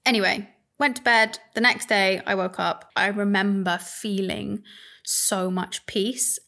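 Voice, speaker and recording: A woman's voice: medium pitch, steady tone, measured pace, vocal fry, pushed and bright. Woman, podcast host, personal storytelling, candid, chatty, laughs as she talks.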